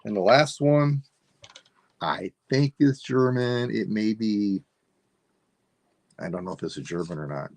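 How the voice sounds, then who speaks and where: Guy with a lowish voice running a live sale, kinda rambly, talking to himself as he goes. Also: a little slow, vocal fry, pauses often, a little mellow. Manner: rambling, thinks aloud while describing items. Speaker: online seller. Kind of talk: live-stream sales chat.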